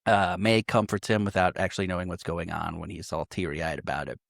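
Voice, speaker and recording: A man's voice: deep voice, fairly even intonation, a little fast, vocal fry, no room sound, studio quality. A man co-hosting a casual movie podcast, recapping scenes with frequent laughter, swearing and quoted lines. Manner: laughing, profane, retells scenes quoting characters. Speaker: podcast co-host.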